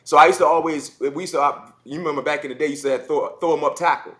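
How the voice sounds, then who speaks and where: A man in his forties from South Carolina, telling stories in a casual podcast chat, animated and repeating words as he goes. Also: fairly high pitch, very fast. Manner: animated, repeats words, acts out kids' voices. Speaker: former football player guest.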